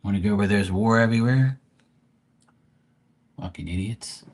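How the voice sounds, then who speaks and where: A man's voice: lowish voice, normal speed. A man from Bermuda hosting a live tarot stream, ranting bluntly and profanely in casual chat.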